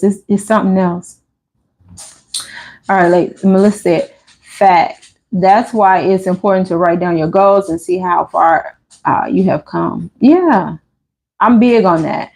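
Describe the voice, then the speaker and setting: This woman has a medium-pitched, gravelly voice, talks a little slowly and pauses often. As a chatty livestream host, she tells stories and reads live comments in a casual way, tossing in lively voiced asides.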